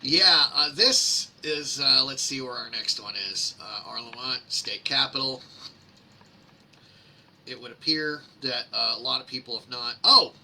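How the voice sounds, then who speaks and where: Sarcastic, husky man with a bright voice. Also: medium pitch, unhurried. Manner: sarcastic, mocking, rambling with many fillers. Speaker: host reading public complaints. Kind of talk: casual screen-share commentary.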